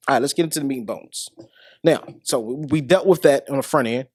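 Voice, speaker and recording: A man's voice: medium pitch, fairly quick, a little mellow, no room sound, clean studio sound. A man hosting a podcast who talks to his listeners about dating in a casual, preachy way and repeats his questions for emphasis. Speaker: podcast host. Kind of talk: casual monologue on relationships.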